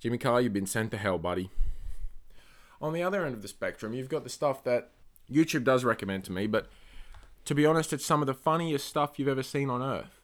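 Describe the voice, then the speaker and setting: A man hosting his own solo podcast, rambling and swearing through rants that flare up loud and high when he gets angry. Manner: rambling, profane, ranting. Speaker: podcast host.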